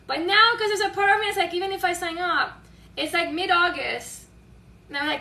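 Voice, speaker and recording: Very high-pitched, bright woman. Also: moderate pace, creaky. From Quebec, Canada. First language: French. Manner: chatty, rambling, bursts of excitement. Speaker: show host. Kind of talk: casual live-stream chat, answering viewer comments. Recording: distant mic, faint background noise.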